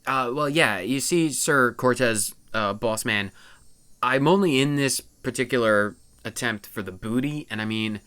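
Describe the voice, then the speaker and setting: A sheepish plumber hero in a video game fumbles through excuses, as a man voices him, restarting his words often. The tone is bright and clear. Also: medium pitch, unhurried, natural voice. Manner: rambling, hesitant with restarts.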